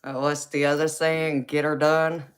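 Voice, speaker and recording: Southern-accented woman, tarot stream host; low, unhurried delivery, easy laughter. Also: flat delivery, smooth. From Los Angeles, USA. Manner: laughs often, calls viewers baby. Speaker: tarot reader hosting a live chat. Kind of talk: casual livestream chat.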